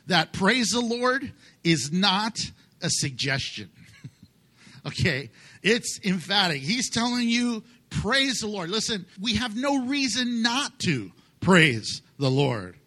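Man, pastor, sermon, high voice, bright tone, emphatic and joking. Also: big pitch swings, slow. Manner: conversational, emphatic, jokes with congregation.

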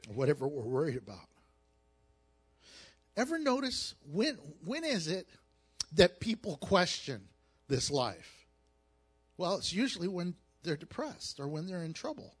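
A man preaching as a pastor, mixing scripture with jokes and animated storytelling. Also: high voice, slightly rough. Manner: animated, jokey storytelling with acted asides. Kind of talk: sermon with humor.

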